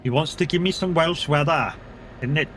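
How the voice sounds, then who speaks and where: A man's voice: on the high side, moderate pace, a bit bright, a little hiss or hum. Rambling man on a live stream. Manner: rambling storyteller, acts out quoted people. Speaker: gaming streamer. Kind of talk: casual live-stream chat while playing.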